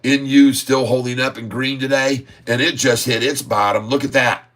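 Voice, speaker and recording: A man hosting a live stock-market stream, excitedly calling price moves, drawing out sing-song chart calls and repeatedly addressing viewers as folks. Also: medium pitch, normal speed. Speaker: stock market channel host.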